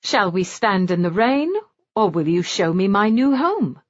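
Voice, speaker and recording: Woman doing a young bride, breathless, sweet, teasing, higher and lively, muffled lo-fi audiobook sound. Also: a little slow, natural voice. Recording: dull lo-fi audiobook recording.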